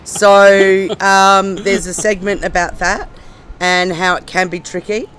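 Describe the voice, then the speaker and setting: A middle-aged woman guest, hoarse and husky from laryngitis, chatting casually with lots of ums and restarts. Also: medium pitch, little pitch movement, takes it slowly, fairly bright tone, slight background noise, rough recording. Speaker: comedian guest. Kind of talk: casual chat.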